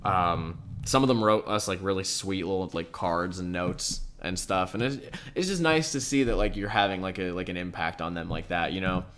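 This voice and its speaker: A man's voice: deep voice, normal speed, hardly any pauses, fairly bright tone. A young man co-hosting a podcast, chatting casually and rambling, with "like" in almost every phrase and casual swearing. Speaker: podcast co-host. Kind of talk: casual chat.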